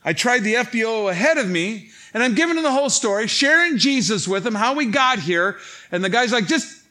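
A man's voice: extremely high pitch, brisk. A pastor with a Chicago accent, telling a funny story in a sermon to his congregation and acting out the voices in the dialogue. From Illinois. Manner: animated, joking, acts out quoted dialogue. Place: church stage before a congregation.

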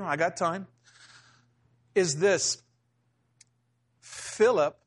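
A man's voice: sits high, a bit bright. A male pastor preaching a conversational sermon, telling stories and acting out quotes from people in them.

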